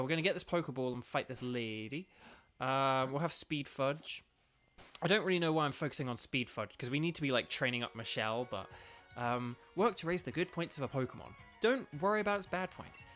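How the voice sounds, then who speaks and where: A man's voice: fairly high pitch, fairly bright tone. Chatty rambling male game streamer. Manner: rambling, chatty, reads chat aloud. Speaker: streamer and voice actor. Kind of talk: casual live-stream gameplay commentary.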